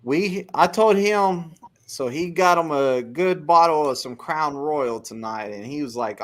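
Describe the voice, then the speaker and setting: A man from Texas with a Texan accent, a trucker hosting a casual livestream chat and reading viewer comments aloud. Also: on the high side. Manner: talks slowly, rambling storytelling.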